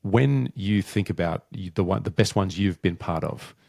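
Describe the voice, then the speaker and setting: A man hosting a podcast interview, asking measured, thoughtful questions. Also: deep voice, gravelly, a little mellow, dry recording, studio quality. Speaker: podcast host.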